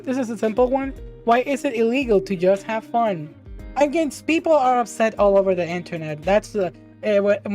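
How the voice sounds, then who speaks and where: A woman hosting a casual livestream podcast, reading viewer questions aloud, bubbly and quick to laugh and exclaim. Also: medium pitch, warm tone. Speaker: podcast host and streamer.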